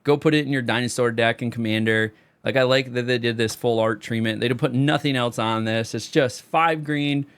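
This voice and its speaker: A young man rambling casually through card reviews, his voice going hoarse and straining on high notes. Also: fairly even intonation, moderate pace, hardly any pauses, a bit bright. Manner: loose, rambling, sings a repeated catchphrase. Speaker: card game video creator.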